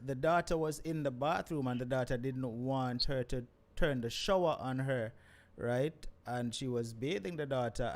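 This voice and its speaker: Man hosting a live call-in show. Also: medium pitch.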